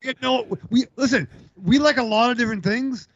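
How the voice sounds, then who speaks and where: A man's voice: very high voice, brisk, fairly bright tone, no room sound, muffled recording. A man co-hosting a horror film podcast in loose casual chat, rambling and joking with frequent swearing. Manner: rambling, jokey, swears freely. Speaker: podcast co-host.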